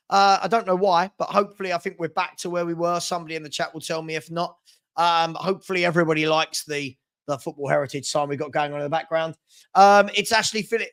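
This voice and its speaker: A chatty man with a slightly high voice hosts a live football stream. He reads viewer comments aloud and answers them in a rambling way. He often restarts and repeats words mid-sentence. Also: steady tone, fairly quick, fairly bright tone.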